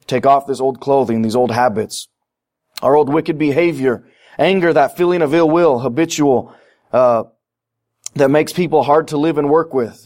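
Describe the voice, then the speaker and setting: A middle-aged man preaching a sermon, animated, acting out little voices in his asides. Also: mid-range voice. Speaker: pastor.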